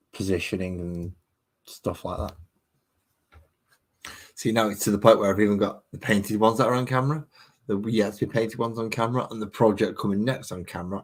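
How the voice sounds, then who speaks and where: A man with a low, husky voice paints miniatures on a live stream from his home hobby desk. He rambles casually and talks straight to his chat viewers as he works. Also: fairly even intonation, normal speed.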